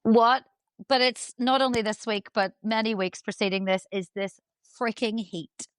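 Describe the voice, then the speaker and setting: A woman's voice: a little high, normal speed, clear, resonant tone, no room sound. A woman guest on a podcast, chatting in a bubbly, rambling, self-deprecating way. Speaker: guest, dressage rider. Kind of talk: casual chat.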